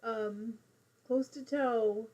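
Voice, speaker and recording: A middle-aged woman chats easily to her viewers while she knits at home, reading out their comments as she goes. Her voice is slightly husky and sits a little high. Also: fairly even intonation, very slow, dark tone, lo-fi sound. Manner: chatty, reads viewer comments aloud while knitting. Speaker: host of a live crafting stream. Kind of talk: casual live-stream chat.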